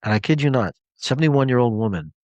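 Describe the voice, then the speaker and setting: A man's voice: mid-range voice, expressive, fast talker, a little mellow, no room sound. A man coaching clients on a live call, telling a story in an emphatic, conversational way.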